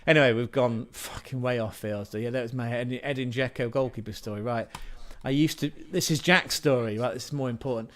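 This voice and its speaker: A man's voice: medium pitch, brisk, hardly any pauses, a bit bright, slight background noise. An English man hosting a livestream, telling a rambling anecdote in casual, sweary speech with frequent self-corrections. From England. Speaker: livestream host.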